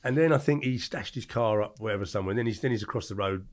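An older man, telling colourful anecdotes as a podcast guest in an animated, slangy way. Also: on the low side, very fast. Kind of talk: storytelling interview.

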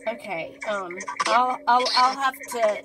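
Slow, gushing woman vlogger. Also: fairly high pitch, loud music behind the voice. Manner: gushing and giggly, talks to the doll; using a fake accent. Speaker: host of a haunted doll channel. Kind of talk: casual vlog, spirit session.

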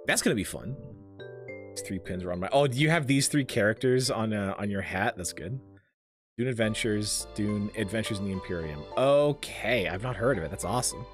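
A man streaming a game, chatting casually and playfully, often laughing and getting excited. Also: on the low side, a little fast. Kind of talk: casual let's-play commentary. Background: faint game music.

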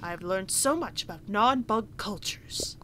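A woman voicing a small, timid male bug ambassador who speaks softly and kindly, almost whispering at times, while reading game dialogue aloud. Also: mid-range voice, animated, normal speed, noisy background, close to an everyday voice. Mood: confiding.

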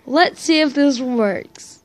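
Slow, high-voiced woman rambling. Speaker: YouTuber. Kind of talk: casual vlog Q&A.

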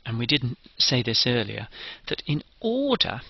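A man's voice: medium pitch, huge pitch swings, unhurried, gravelly, breathy edge, dry recording, lo-fi sound. A man giving a methodical, step-by-step engineering lecture.

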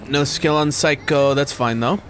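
A man's voice: fairly high pitch, fairly even intonation, normal speed, a bit bright, faint music behind. A young man streaming a video game, reacting aloud with frequent swearing and sudden frustrated outbursts. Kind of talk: casual gaming stream commentary.

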